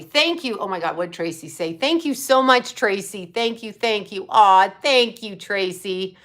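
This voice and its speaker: Here an older woman running a psychic livestream thanks viewers for super chats and answers them bluntly, swearing freely. Her voice is mid-range and a bit bright.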